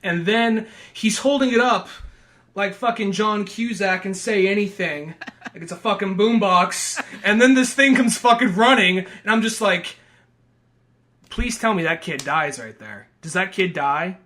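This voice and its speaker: A man co-hosting a podcast, tossing in profane jokes and quick reactions. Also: high voice, lively intonation, pushed and bright. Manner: profane, jokey interjections. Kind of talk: casual podcast chat.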